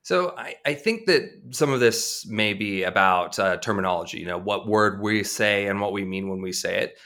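A man's voice: lowish voice, moderate pace, bright, forceful tone. A man co-hosting an advice podcast, pushing back thoughtfully with frequent hesitations. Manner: thoughtful, hesitant, lots of fillers and restarts. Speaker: podcast co-host. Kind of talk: conversational podcast debate.

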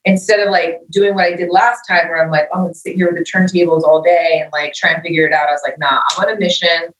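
A middle-aged woman with a fairly low voice tells lively stories in a casual interview and acts out what other people said. She sits some distance from the mic, and the room adds a clear echo. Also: fast talker. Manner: animated storyteller, acts out quoted dialogue. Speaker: guest musician.

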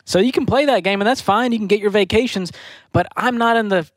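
A man co-hosting a call-in radio show, telling a lively story with jokes. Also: high voice, fast talker, no echo. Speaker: radio co-host.

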